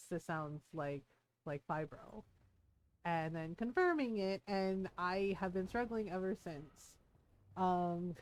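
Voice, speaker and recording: A woman streamer chatting casually between game scenes, candid and emotional, laughing as she tells a personal story and acting out what people said. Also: lowish voice. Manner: animated when acting out quotes.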